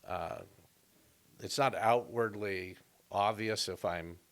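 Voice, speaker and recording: Man, comedian, low voice, casual storytelling chat. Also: slow pace. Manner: storytelling, animated and joking. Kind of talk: casual podcast conversation.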